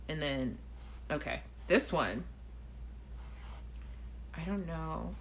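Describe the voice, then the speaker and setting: A woman's voice: deep voice, expressive, drawn-out words, pauses often. A woman hosting a live chat show, talking casually to viewers, reading out their comments and laughing. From Caribbean.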